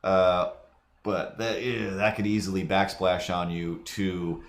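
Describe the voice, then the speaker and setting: A man's voice: deep voice, flat delivery, takes it slowly, reverberant, slight background noise. A man hosting a livestream, chatting casually while he draws and wandering off into long, digressive stories. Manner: rambling, digressive storyteller. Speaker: livestream host.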